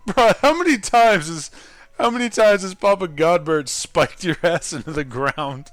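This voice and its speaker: A man's voice: high-pitched, expressive, takes it slowly, pauses often, fairly bright tone, dry recording. A young man streaming a game and commenting casually, laughing often and swearing freely.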